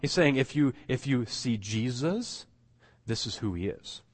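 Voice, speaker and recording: Guy preaching a sermon, mid pitch, gets loud and slow on key points, lots of restarts. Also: lively intonation. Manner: teaching, emphatic with frequent restarts. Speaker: pastor.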